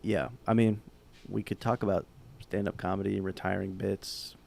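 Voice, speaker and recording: A man co-hosting a casual podcast, telling absurd jokes in a deadpan way. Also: deep voice, normal speed, vocal fry, slight background noise. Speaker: podcast co-host. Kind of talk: casual chat.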